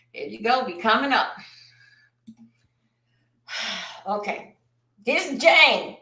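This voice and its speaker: A woman hosting a casual livestream, reading out and reacting to court testimony in an animated, drawn-out way with sighs and exclamations. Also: on the high side, roomy sound.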